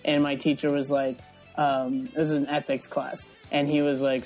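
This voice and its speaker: A young man in his twenties, co-hosting a podcast and telling animated stories in casual chat. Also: mid-range voice, normal speed, soft background music. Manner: animated storytelling, mock voices. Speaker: podcast co-host.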